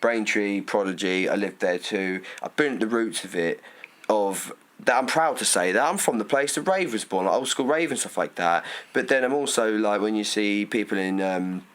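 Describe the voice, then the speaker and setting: Low-voiced essex bloke rambling on a podcast, swears a lot. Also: male voice, moderate pace, a bit bright. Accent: Essex English. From England. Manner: rambling, swears freely, puts on silly voices in anecdotes. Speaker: podcast co-host. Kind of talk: casual chat.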